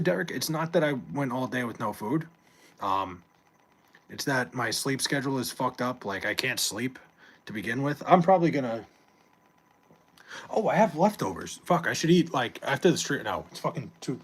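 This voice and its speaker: Very animated and a little fast, the streamer's medium-pitched voice is fairly bright with a breathy edge. He's broadcasting from home late at night on a desk mic, rambling, swearing, and reading chat aloud to his viewers.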